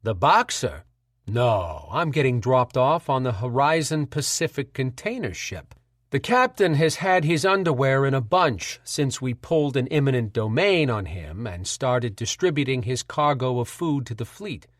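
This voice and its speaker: A man voicing a scheming middle-aged senator with a smooth New England accent and a patronizing manner. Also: mid-range voice, lively intonation, normal speed, dry recording, clean studio sound, close to an everyday voice. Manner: smooth, patronizing, slyly mocking.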